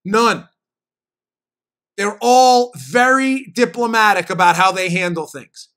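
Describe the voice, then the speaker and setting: A man with a New York accent hosts a political talk podcast, arguing emphatically and reading ads. His voice is high, pushed and bright, and his delivery is rapid and argumentative.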